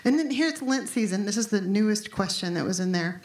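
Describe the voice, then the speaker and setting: A woman's voice: mid-range voice, animated, brisk. A woman in her fifties preaching a conversational, emphatic sermon as pastor. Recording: echoey room.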